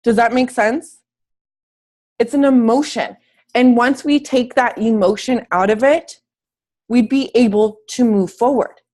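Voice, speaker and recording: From bed at home, a slightly wheezy, sick woman coaches her fitness team on a call with upbeat, emphatic motivation and casual slang. She speaks a little slowly, in a fairly high voice with a darkish tone.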